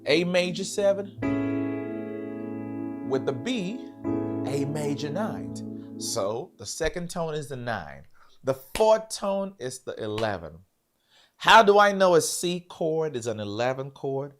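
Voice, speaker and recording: A man's voice: a little high, sing-song, slow pace, long pauses. A man teaching a live-streamed piano lesson, repeating points and quizzing his viewers.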